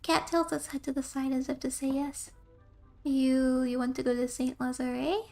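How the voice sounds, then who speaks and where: A woman's voice: high-pitched, flat delivery, normal speed, gravelly, dark tone, faint music behind. A young woman streamer who reads game text aloud and tells rambling stories between lines, laughing often. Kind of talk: casual game commentary and reading.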